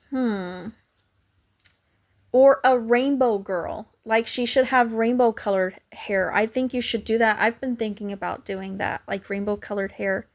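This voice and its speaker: Young woman streamer, casual chatty host, a touch high-pitched, voice that cracks. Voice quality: voice cracks now and then. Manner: chatty, thanks viewers by name, coos at her cat. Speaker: livestream host. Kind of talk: casual livestream chat.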